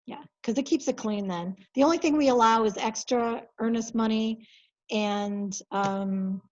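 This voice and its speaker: A woman working as a compliance coordinator, walking colleagues through software in a practical, lightly chatty way. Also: on the high side, unhurried, muffled recording. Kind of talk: software training over video call.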